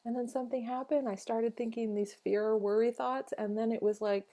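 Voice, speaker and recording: A woman's voice: fairly high pitch, fairly even intonation, moderate pace, warm tone. A woman co-hosting a podcast in casual chat, reflective and chatty, acting out her own inner thoughts as she talks. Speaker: podcast co-host.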